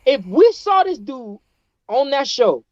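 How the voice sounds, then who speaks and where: Lively male guest from Chicago, dull lo-fi recording. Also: very high voice, takes it slowly, no room sound. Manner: animated, swearing, lively ranting. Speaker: podcast guest, freestyle rapper. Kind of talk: casual chat.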